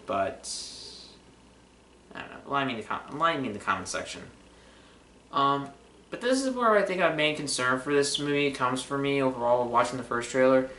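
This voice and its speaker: A man's voice: mid-range voice, bright, forceful tone, slight background noise. A man casually reviewing movie trailers, rambling with lots of fillers and restarts. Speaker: film reviewer. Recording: roomy echo.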